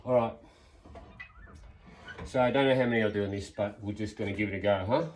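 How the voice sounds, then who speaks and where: A man's voice: fairly low pitch, brisk, darkish tone, a little hiss or hum. A man in his fifties talking casually while doing a leg workout, encouraging viewers and counting reps aloud as he exerts himself. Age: 50s. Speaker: fitness vlogger. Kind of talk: casual workout talk-along. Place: home workout space, indoors.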